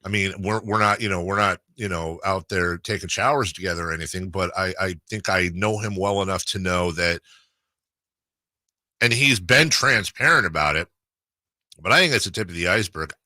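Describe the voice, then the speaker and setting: Casting: low-pitched male sports radio host, bright forceful tone, earnest and emphatic, dry studio sound. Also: moderate pace, no room sound. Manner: earnest, emphatic, repeats himself.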